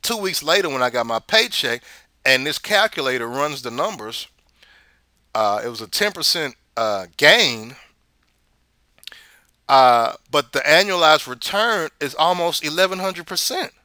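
Bright-voiced man rambling through commentary. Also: a little high, animated, a little slow, dry recording, studio quality. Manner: rambling, repeats words while storytelling. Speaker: host of a money commentary show. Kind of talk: casual spoken commentary.

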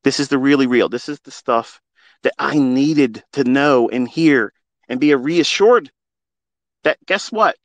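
A middle-aged man talks a little slowly in a medium-pitched voice, with no room sound. He's a trading mentor hosting a live audio space, speaking into a phone. His passionate, preachy monologue is unscripted and heartfelt, with blunt swearing.

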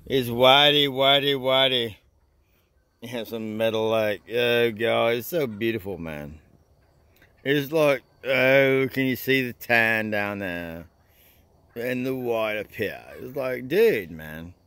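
A man rambling through a casual vlog, drawling "man" and "oh God" constantly and jumping up to high excited squeals. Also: slow pace, pauses often, no room sound. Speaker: vlogger.

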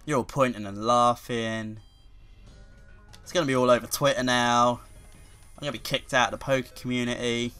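A man doing video game commentary, excitable and quick to curse, with sudden loud outbursts. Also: mid-range voice, clear, resonant tone, faint music behind. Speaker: let's play commentator.

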